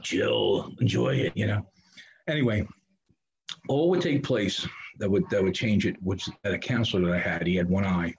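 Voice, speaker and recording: A man's voice: on the low side, darkish tone, dull audio, a little hiss or hum. A middle-aged man telling his recovery story in a candid, rambling, self-mocking way, with many restarts. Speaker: recovery speaker.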